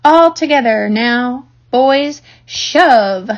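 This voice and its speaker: A woman's voice: medium pitch, flat delivery, fairly quick, natural voice. A woman doing a cheerful farmer. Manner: cheerful, rallying. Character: cheerful practical male farmer. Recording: dull lo-fi recording.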